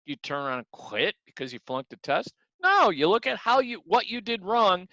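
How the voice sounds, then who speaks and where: A man's voice: sits high, very animated, moderate pace, bright, forceful tone, dry recording. A man teaching a martial arts class, talking earnestly and repeating words as he acts out examples. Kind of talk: motivational class talk. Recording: dull lo-fi sound.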